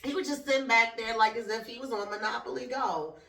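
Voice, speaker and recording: A woman's voice: fairly high pitch, fairly even intonation, brisk, creaky, very noisy. A woman hosting a podcast, ranting in casual comedy style, profane and laughing often as she talks. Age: adult with a school-age son. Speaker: podcast host. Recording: roomy echo, distant from mic.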